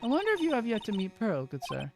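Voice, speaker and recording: A woman's voice: a little high, huge pitch swings, vocal fry, pitched above the performer's own voice, heavily acted. A woman voicing a stern, formal older woman of a spirit-medium clan, reading game dialogue aloud. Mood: haughty. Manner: stiff, haughty, slow and formal. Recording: game music behind.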